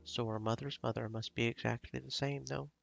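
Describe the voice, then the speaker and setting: A man voicing a polite young male village doctor who talks in a gentle, reassuring way. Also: medium pitch, steady tone, a little fast, gravelly, dull audio, faint music behind. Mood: kind.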